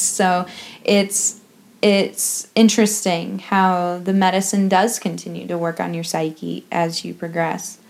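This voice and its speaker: A woman recounting her experience in a lively, giggly storytelling way, often breaking into laughter. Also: mid-range voice. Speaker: travel vlogger. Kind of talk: storytelling recap.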